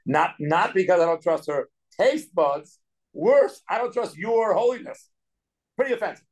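A man teaching a casual Torah study class as a rabbi, animated and acting out the quotes he explains. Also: high voice, low-quality recording. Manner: animated, acts out quotes, talks in quick bursts.

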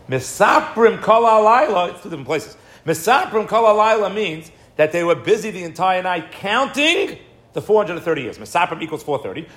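Male Torah teacher, fairly high voice, animated, quizzes himself as he lectures. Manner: animated, asks and answers his own questions.

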